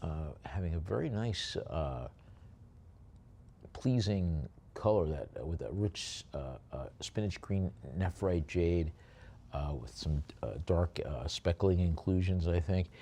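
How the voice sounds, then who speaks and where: A man working as an auctioneer, describing lots in a rambling way with many fillers and then calling bids briskly. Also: deep voice, gravelly, warm tone.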